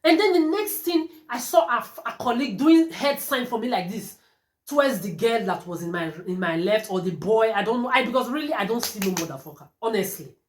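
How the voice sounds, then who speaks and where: A woman's voice: on the high side, lively intonation, brisk. A woman delivering a defiant, profane rant to camera. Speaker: vlogger. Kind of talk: angry monologue to camera. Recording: roomy echo.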